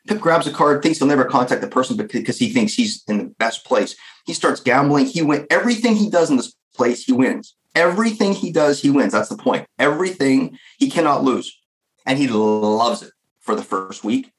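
A man telling a story in casual chat, animated, with frequent fillers. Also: mid-range voice, moderate pace, rough recording.

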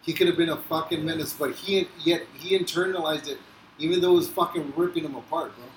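A man's voice: on the high side, fast talker. A man co-hosting a podcast, cursing and speaking with emphatic support. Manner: profane, emphatic, affirming. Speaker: podcast co-host. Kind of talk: casual chat. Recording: echoey room, faint noise.

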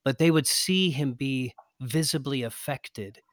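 A man's voice: medium pitch, unhurried, dry recording. Engaged host man, dry sound. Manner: engaged, prompting, affirming. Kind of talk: interview conversation.

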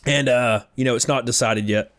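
A young man telling stories in casual chat, rambling and animated with lots of fillers. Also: mid-range voice, normal speed.

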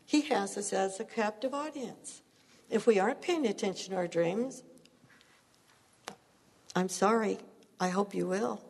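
A woman's voice: medium pitch, measured pace, gravelly, pauses often, a little mellow, slightly rough, in a large hall. A woman preaching a sermon, telling stories earnestly and laughing at herself now and then.

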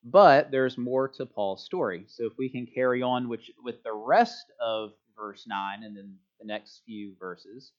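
A man giving a relaxed, chatty sermon to a church congregation, joking about himself as he goes. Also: mid-range voice, a little slow, hardly any pauses. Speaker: preacher. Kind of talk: casual sermon. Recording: dull lo-fi sound.

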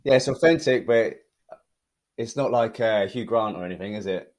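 A young man from southern England with a southern English accent, chatting casually as a podcast guest, self-deprecating and quick to laugh. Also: lowish voice, darkish tone. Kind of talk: casual chat.

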